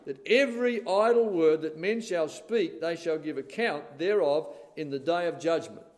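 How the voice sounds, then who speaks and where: Older male preacher, emphatic sermon delivery, slightly high voice, long church reverb. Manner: emphatic, rising to loud stresses, calls of "amen?". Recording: reverberant hall.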